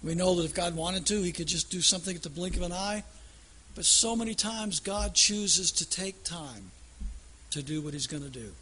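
A man's voice: high-pitched, normal speed, bright, forceful tone, slight background noise. A man preaching a sermon in a folksy storytelling way that builds to emphatic declarations.

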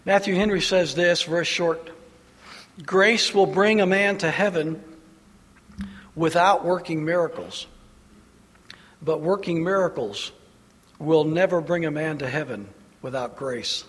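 Slow, emphatic preacher in a reverberant hall. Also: male voice, a little high, a bit bright, husky. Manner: emphatic, rhetorical questions, slow deliberate delivery. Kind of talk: sermon. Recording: long reverb of a large hall.

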